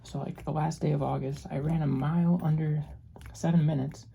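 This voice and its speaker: A young woman rambling in a low monotone, soft-spoken ASMR style, often restarting her sentences. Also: normal speed, gravelly, muffled recording, a little hiss or hum. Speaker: ASMR creator.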